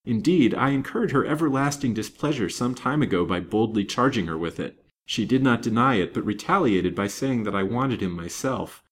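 A man's voice: lowish voice, breathy edge. A man voicing a frank, candid young daughter in a storybook reading. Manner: frank, soft-spoken.

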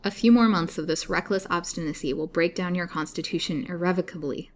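A woman's voice: fairly low pitch, fairly quick, natural voice. A woman voicing a sardonic male doctor who speaks with mocking persuasion.

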